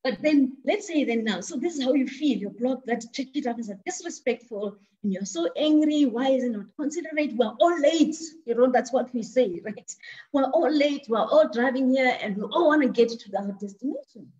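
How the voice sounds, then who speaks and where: A woman's voice: sits high, lively intonation, moderate pace, a little mellow, lo-fi sound. A woman leading an interactive online talk, asking the audience questions and often repeating words as she thinks aloud. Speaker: speaker leading an online discussion.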